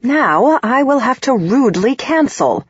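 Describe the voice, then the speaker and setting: A woman's voice: sits high, sing-song, measured pace, breathy edge, no echo, muffled recording, voice pushed up, heavily acted. A woman voicing a critical, controlling middle-aged mother in an audiobook, with a cold, reproachful manner. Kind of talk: audiobook character voice.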